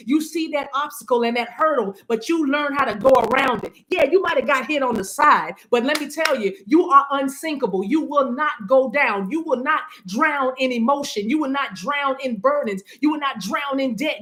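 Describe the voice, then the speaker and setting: A woman giving an intuitive love reading in a fervent, preachy way, repeating phrases for emphasis and now and then breaking into tongues. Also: sits high. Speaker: spiritual reader.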